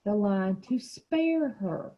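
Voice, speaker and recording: A woman teacher guides a small reading group over a video call, pausing to explain words patiently and asking question after question. Her voice is slightly husky, and it comes through dull, lo-fi call audio. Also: medium pitch, expressive, warm tone.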